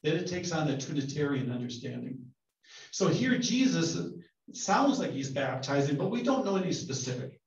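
A man's voice: on the high side, big pitch swings, normal speed. Casual, joking male pastor. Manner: casual, joking, asks the group questions. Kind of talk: conversational bible study teaching. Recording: roomy, distant, dull sound.

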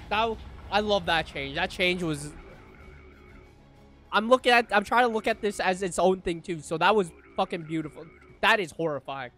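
A young man reacting to a show with loud, profane, laughing outbursts. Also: high voice. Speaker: reaction streamer. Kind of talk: excited reaction commentary. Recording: faint music behind.

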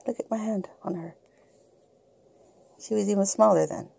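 A woman's voice: mid-range voice, moderate pace, vocal fry, darkish tone, breathy edge, dry recording. A woman at home talking to her kitten in coaxing baby talk. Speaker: pet owner filming her kitten. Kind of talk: casual pet video. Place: at home indoors.

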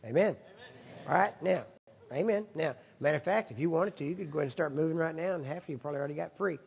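A man's voice: on the high side, racing, creaky. A man preaching at a healing service, chatting with the congregation and checking for their agreement as he explains what to do. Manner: leads congregation in repeat-after-me prayer, loud and emphatic; conversational, asks audience for agreement. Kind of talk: sermon. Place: large hall with congregation. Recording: dull recording with long hall reverb.

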